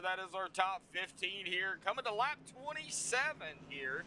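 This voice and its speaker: A man's voice: high-pitched, big pitch swings, normal speed, few pauses, bright, forceful tone, slight background noise. A man giving casual, folksy sim racing commentary. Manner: casual, folksy, breaks into laughter. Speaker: race commentator.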